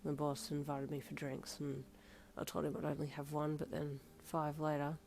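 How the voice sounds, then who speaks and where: A woman voicing a drunk young man who slurs and mumbles softly, sheepish, in a fan fiction audio story. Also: monotone, normal speed, vocal fry. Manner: slurred, mumbling, low and soft. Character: drunk slurring young male boyfriend, sheepish.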